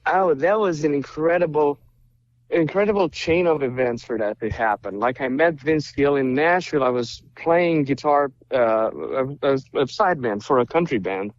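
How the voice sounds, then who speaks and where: Animated male musician telling stories. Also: fairly high pitch, moderate pace, muffled recording. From Romania. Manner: animated storyteller, acts out quoted dialogue. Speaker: guest musician. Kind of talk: casual interview chat.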